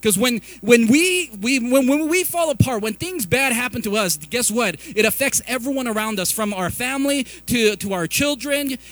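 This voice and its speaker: Pastor, middle-aged man, fairly high voice, lively confessional sermon delivery. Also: moderate pace, few pauses. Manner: animated, confessional storytelling with many restarts.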